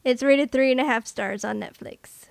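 A woman co-hosting a film podcast in a casual chat, talking in quick asides and laughing often. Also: sits high, vocal fry, dry recording. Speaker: podcast co-host.

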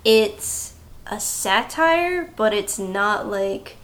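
A woman's voice: medium pitch, lively intonation, drawn-out words, a bit bright. A young woman co-hosting a movie podcast, chatting casually and peppering her talk with "like". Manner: chatty, many "like"s, reads descriptions aloud. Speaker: podcast co-host.

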